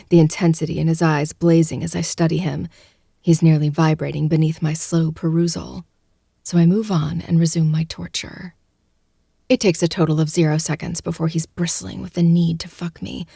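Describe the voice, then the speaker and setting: A woman narrates a first-person audiobook close to the mic, hushed, breathy, and intimate, frequently dropping to a whisper. Her voice is low-pitched, and the recording is dry.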